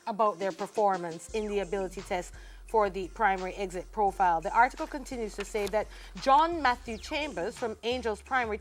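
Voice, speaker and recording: A woman in her forties with a Jamaican accent, co-hosting a morning TV show in a lively, playful way and slipping into patois. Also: mid-range voice. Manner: animated, playful, switches into patois. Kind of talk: lively studio chat and news reading. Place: TV studio.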